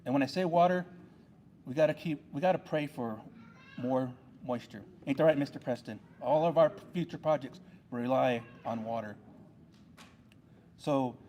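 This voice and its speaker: A man's voice: medium pitch, normal speed, long pauses, darkish tone, a little hiss or hum. A man serving on a tribal council, giving an earnest ceremony speech with a repetitive, rallying delivery.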